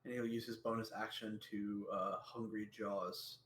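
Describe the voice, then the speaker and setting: A man playing a tabletop game, describing his character's moves in a relaxed, hesitant way. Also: lowish voice, a little slow, roomy sound. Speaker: player. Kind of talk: casual tabletop play.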